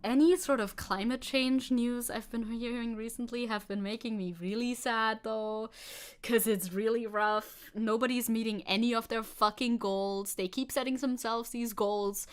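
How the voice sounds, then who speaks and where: A woman's voice: a little high, normal speed, smooth. A woman streamer giving casual, sarcastic commentary, laughing often and swearing. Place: hot room at home.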